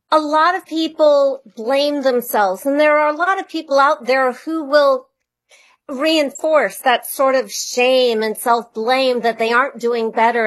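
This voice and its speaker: High-voiced woman, slow and earnest. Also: a bit bright. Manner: earnest, reflective, explains with conviction. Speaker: author and money coach, guest. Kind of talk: radio interview.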